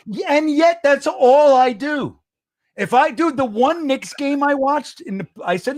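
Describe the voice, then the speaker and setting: A middle-aged man, co-hosting a casual sports podcast, animated and swearing, acting out quotes in a raised voice. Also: very high voice, moderate pace, no echo, clean studio sound. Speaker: co-host.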